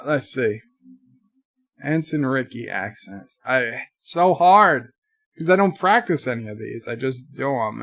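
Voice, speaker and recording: A man's voice: medium pitch, vocal fry, a bit bright, dry recording, studio quality. A man hosting a casual livestream, rambling and joking while reading chat messages aloud. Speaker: livestream host.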